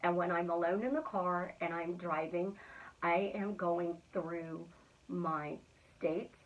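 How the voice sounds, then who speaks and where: A middle-aged woman coaching listeners through a motivational talk. She speaks earnestly and keeps returning to the same affirmations in a steady rhythm. Her voice sounds narrow and phone-like, and it comes from some distance away from the mic. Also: lowish voice. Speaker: manifestation coach. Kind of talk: motivational self-help talk.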